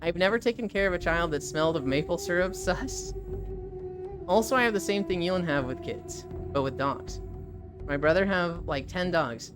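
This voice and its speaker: Low-voiced woman chatting on stream. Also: normal speed, music in the background. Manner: rambling and candid, swears freely. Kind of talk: casual live-stream chat. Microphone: desk microphone.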